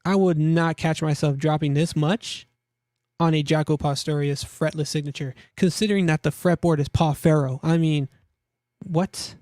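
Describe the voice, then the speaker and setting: A man's voice: on the high side, fairly even intonation, normal speed, a little mellow, dry recording, studio quality. A young man hosting a casual look at gear listings, joking around and repeating himself as he talks. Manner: chatty, jokey, repeats himself, laughs at own jokes. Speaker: host. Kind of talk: casual gear market commentary.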